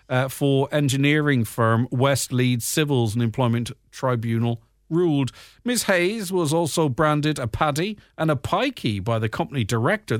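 A man's voice: mid-range voice, dry recording, clean studio sound. Irish man chatting through the news. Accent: Irish with a slight English twang. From Ireland. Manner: conversational, frequent fillers and asides. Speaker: radio host reading the papers. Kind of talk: casual news chat with commentary.

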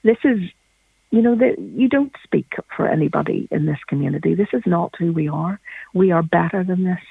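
A Northern Irish woman calls in to a radio phone-in, speaking passionately and with emphasis. Her lowish voice is fairly quick, with vocal fry and a breathy edge, captured dry over a tinny phone line.

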